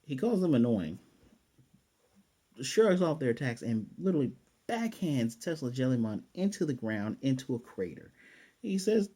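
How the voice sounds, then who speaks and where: A man's voice: medium pitch, lively intonation, normal speed, dark tone. A man recapping and reviewing an anime episode in a casual, rambling way, often mocking what he describes. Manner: sarcastic, mocking, rambling with restarts.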